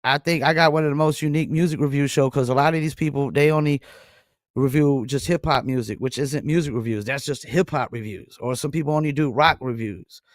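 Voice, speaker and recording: A man's voice: mid-range voice, brisk, no room sound, clean studio sound. A man with a Southern US accent hosting a music review livestream, talking casually with a lot of fillers. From North Carolina. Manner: laid-back, rambling, frequent um and I mean. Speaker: music review show host.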